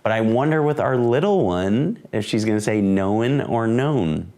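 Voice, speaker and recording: A man's voice: medium pitch, unhurried. A man in his forties co-hosting a casual podcast from home, rambling and correcting himself as he talks. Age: 40s. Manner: rambling, self-correcting, excitable. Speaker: podcast co-host. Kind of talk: casual chat. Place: at home, indoors. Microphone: camera microphone.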